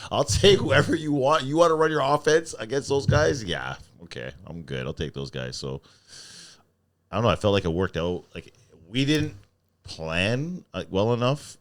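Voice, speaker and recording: A man with a very low voice that still swings widely up and down, chatting casually about sports on a podcast. He swears often and tells stories with lots of energy. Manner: swears freely, animated storyteller. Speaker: podcast co-host.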